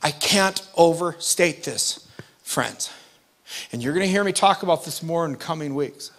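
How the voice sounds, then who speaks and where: A pastor delivers a sermon in a high, bright-sounding male voice. He talks like he is chatting with the room, stressing key points firmly and tossing quick questions at the congregation. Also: animated. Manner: conversational, emphatic preaching with asides to the congregation.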